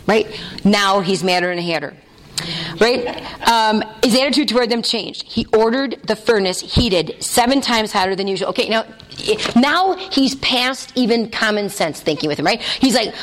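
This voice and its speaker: A woman leading a Bible study, reading passages aloud and explaining them in a playful, animated way, laughing often and acting out the characters. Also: a little high, moderate pace. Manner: lively, playful, laughs often, acts out voices. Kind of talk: animated scripture teaching.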